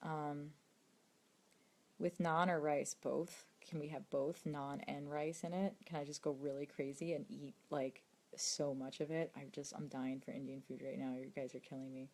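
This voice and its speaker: A woman's voice: sits low, little pitch movement, moderate pace, darkish tone. A young woman chatting casually on a late-night livestream, reading fan questions aloud and rambling through her answers. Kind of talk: casual chat.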